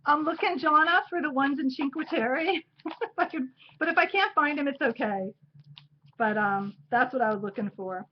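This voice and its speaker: Brief: high-pitched woman co-host, chatty and giggly, muffled lo-fi audio. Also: moderate pace, slight background noise. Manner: chatty, laughs often while flipping through photos. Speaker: co-host of craft livestream. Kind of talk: casual livestream chat. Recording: dull lo-fi livestream audio.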